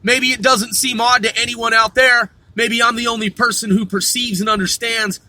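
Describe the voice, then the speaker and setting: A man's voice: very high voice, steady tone, normal speed, pushed and bright, dry recording. A man hosting a vlog, ranting profanely and arguing with a voice assistant in exasperation. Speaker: vlog host. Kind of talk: ranting commentary.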